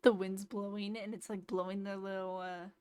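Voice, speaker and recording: A woman's voice: mid-range voice, little pitch movement, moderate pace, darkish tone, clean tone, no room sound. A tired woman streamer chatting casually while playing a game, thinking aloud and explaining tips. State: sleepy. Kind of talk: casual gameplay commentary.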